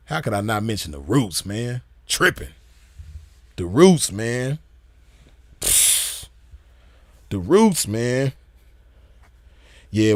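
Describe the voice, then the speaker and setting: A man hosting a gaming channel, chatting casually in an excited, slangy, profane way and repeating himself often. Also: medium pitch, no room sound, clean studio sound. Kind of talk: casual chat.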